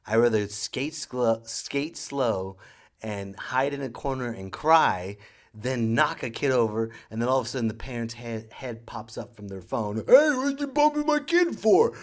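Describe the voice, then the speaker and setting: A man hosting a podcast, telling a comedic story in an animated, exasperated rant. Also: medium pitch, unhurried. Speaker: podcast host.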